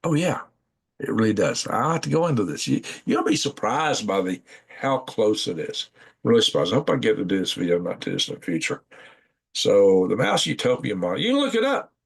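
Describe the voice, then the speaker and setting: A man's voice: on the low side, gravelly, slightly rough. A man hosting a casual live stream, rambling in a folksy way and thinking aloud as he clicks through maps at home at night. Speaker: channel host.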